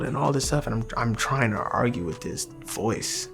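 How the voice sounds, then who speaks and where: Gravelly-voiced young man giving a testimony. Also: medium pitch, animated, fairly bright tone, soft background music. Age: young adult. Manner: earnest, halting, with repeated restarts. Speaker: testimony speaker. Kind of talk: personal faith testimony.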